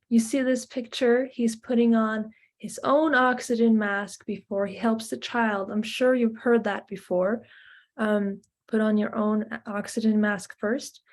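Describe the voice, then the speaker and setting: A woman's voice: a little high, darkish tone. A woman giving an informal lecture to parents, talking in a chatty way with many fillers.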